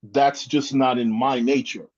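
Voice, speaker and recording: A man's voice: mid-range voice, steady tone, unhurried, a little mellow. A man, a guest in a casual chat, who keeps saying "you know what I mean" and restarts his sentences. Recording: dull lo-fi sound.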